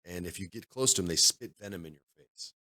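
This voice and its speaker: Male podcast co-host, low and bright, animated storyteller who mimics people loudly. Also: fast. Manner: animated, acts out other players' voices in loud bursts. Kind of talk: casual storytelling chat. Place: studio.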